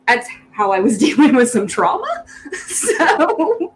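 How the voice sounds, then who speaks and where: A woman's voice: sits high, very animated, takes it slowly, slight background noise, low-quality recording. A woman with a Southern US accent in casual podcast chat, talking eagerly and laughing often. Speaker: podcast co-host.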